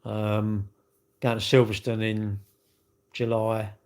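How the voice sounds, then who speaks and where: Chatty middle-aged livestreamer. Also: male voice, lowish voice, level tone, slow pace, darkish tone. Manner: chatty, cheeky banter, swearing. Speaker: livestream host. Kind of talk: casual livestream chat reading comments.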